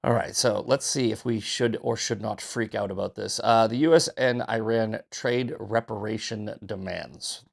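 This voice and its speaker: A man's voice: on the low side, fairly even intonation, normal speed, vocal fry, hardly any pauses. A man hosting a casual news commentary show, reading headlines with sarcastic, profane asides, just out of bed. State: just woke up. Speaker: host.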